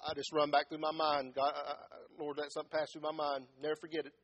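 A man preaching a sermon as pastor, swinging from loud impassioned calls down to low quiet words. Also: flat delivery, quick pace, a little hiss or hum. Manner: impassioned, rising to shouts and dropping low.

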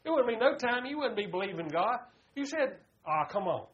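High-voiced preacher, folksy. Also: male voice, big pitch swings, a little fast, a bit bright. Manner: folksy preaching, calls listeners "buddy". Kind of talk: sermon. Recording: dull lo-fi recording.

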